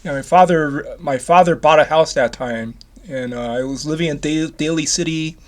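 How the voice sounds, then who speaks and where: High-voiced rambling man in his fifties. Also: moderate pace. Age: 50s. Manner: repetitive, restarts often, casual swearing. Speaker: vlogger. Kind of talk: rambling personal story to camera.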